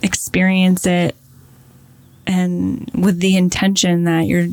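A woman's voice: on the low side, takes it slowly, no echo. A woman co-hosting a casual chat, telling stories with lots of "like" fillers. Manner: chatty, many "like" fillers, animated storytelling.

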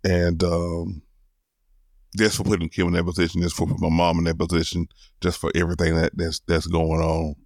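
Low, monotone, a little fast, and a little mellow, a middle-aged man's voice fills his solo podcast with studio quality and no room sound. His talk is candid and emotional, with casual cursing and repeated words as his point builds.

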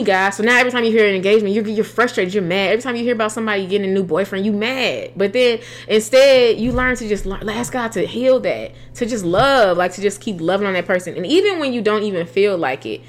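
Earnest young woman talking about faith. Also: mid-range voice. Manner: earnest, animated, many restarts, slangy. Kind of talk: casual faith talk.

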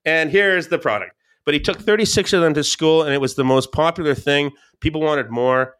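A man, a podcast guest, telling stories in a casual, animated way, with many restarts. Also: fairly high pitch, brisk, clear, resonant tone. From Scottish and English family. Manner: animated, quotes people in raised voices, many restarts. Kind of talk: casual storytelling.

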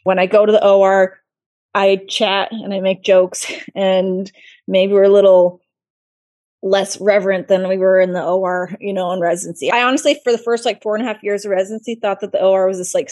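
A woman's voice: mid-range voice, brisk. Chatty woman surgeon telling stories. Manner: chatty, expressive storytelling. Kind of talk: casual interview storytelling.

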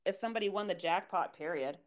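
A woman co-hosting a podcast in casual chat, reflective and often trailing off softly. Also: lowish voice, fast, dry recording. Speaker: podcast co-host.

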